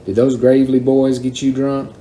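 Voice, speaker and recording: A man reading aloud and voicing a stern mother who speaks slowly and coldly, then hard. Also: mid-range voice, flat delivery, warm tone, roomy sound, slight background noise, lightly acted, rough recording. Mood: angry. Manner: slow, cold, hard-voiced. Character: stern, cold country mother.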